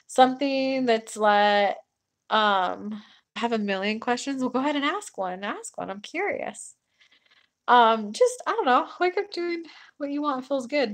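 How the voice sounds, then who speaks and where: Blunt, chatty woman with a lightly high voice. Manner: blunt, swears freely, animated. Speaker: spiritual channel host. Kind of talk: casual livestream chat.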